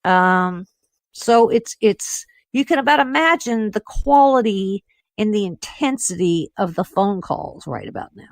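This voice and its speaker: A woman radio host speaking in animated, quick bursts, often pausing on fillers. Her voice is mid-pitched. It is recorded dry and close. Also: no echo. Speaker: radio host and intelligence analyst. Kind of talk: casual talk radio.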